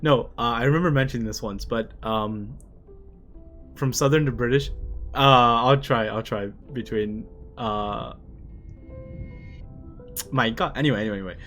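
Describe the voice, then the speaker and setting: A man's voice: medium pitch, normal speed, pauses often, fairly bright tone, faint music behind. A man reading a manga aloud on a live stream, chatting in a rambling, self-deprecating way with lots of fillers. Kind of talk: casual live-stream commentary.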